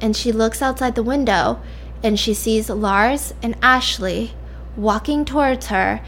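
A woman casually telling a made-up thriller story, animated and chatty, full of "like"s. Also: a little high, unhurried, a little hiss or hum. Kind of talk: casual spoken fiction storytelling.

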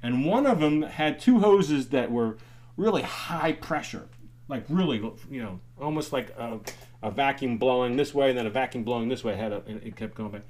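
A man's voice: medium pitch, lively intonation, normal speed, a little mellow. An older man, a former athletic trainer, telling stories in casual chat with many restarts and laughs. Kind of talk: casual storytelling in a group chat.

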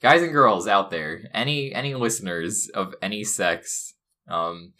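A man's voice: on the low side, expressive, unhurried, pushed and bright. A young man co-hosting a comedy podcast from a dorm room, talking in a mock-earnest, rambling way. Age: young adult. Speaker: podcast co-host. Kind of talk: casual comedic podcast banter.

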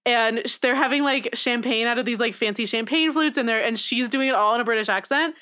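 A woman's voice: a little high, brisk, pushed and bright. A young woman co-hosting a podcast in casual chat, talking emphatically with frequent laughter. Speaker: podcast co-host.

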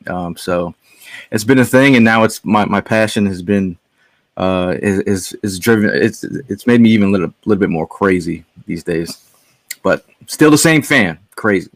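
A man's voice: fairly low pitch, normal speed, no echo. A man from Connecticut, a podcast guest, telling a story in casual chat with lots of fillers and restarts.

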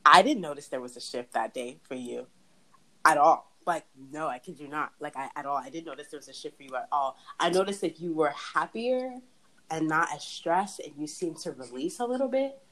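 Young woman host, low voice, chatty faith talk full of laughs and restarts. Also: expressive, fairly quick, fairly bright tone, poor audio. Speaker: podcast host. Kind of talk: casual faith chat.

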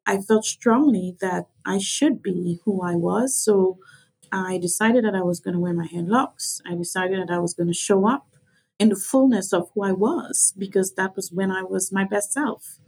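A woman's voice: mid-range voice, moderate pace, darkish tone, husky, rough recording. A woman from Grenada with a mixed Caribbean and English accent, a lawyer speaking reflectively and with emphasis as a podcast guest. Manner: reflective, emphatic, repeats herself. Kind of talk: podcast interview.

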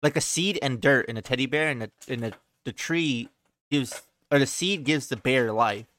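Recorded dry, this young man speaks at normal speed in a medium-pitched, fairly bright voice as a podcast co-host. He tells a childhood story casually, loosely and profanely, leaning heavily on "like" and "he's like."

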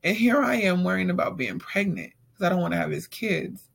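Young woman, raspy and breathy voice, vocal fry, casual storytime, acts out the dialogue. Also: lowish voice, brisk. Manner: animated retelling, acts out quoted dialogue, frequent "like".

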